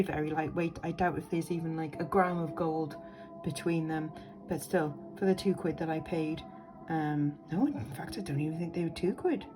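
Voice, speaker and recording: A woman, chatting enthusiastically as she shows vintage jewellery in a casual vlog, thinking aloud with lots of ums. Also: lowish voice. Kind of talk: casual show-and-tell vlog.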